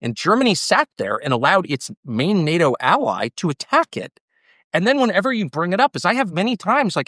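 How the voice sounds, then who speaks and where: A man's voice: sits high, sing-song, fairly quick, pushed and bright, dry recording, studio quality. An American man as the guest in a heated political conversation, talking in an emphatic, combative way and repeating his points for stress. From United States. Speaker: interviewee.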